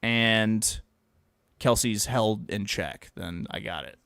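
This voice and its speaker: A man's voice: lowish voice, slow, creaky, a bit bright, smooth, no room sound. Man joking through betting picks, dry sound. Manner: joking, quizzing his co-host. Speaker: co-host. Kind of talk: casual sports betting banter.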